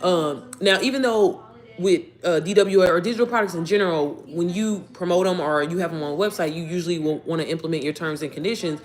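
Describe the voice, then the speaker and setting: Speaking in a lowish voice, this online business coach rattles through a story quickly and with lots of animation for her casual storytime vlog. She's profane and addresses her audience as "y'all" and "baby."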